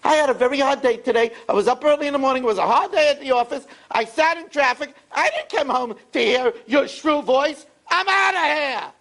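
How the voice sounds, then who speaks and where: A man's voice: extremely high pitch, animated, brisk, a bit bright, pitched above the performer's own voice, full character voice. A man putting on the voice of a tired, defensive husband who complains after a hard day. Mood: indignant. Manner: indignant complaining.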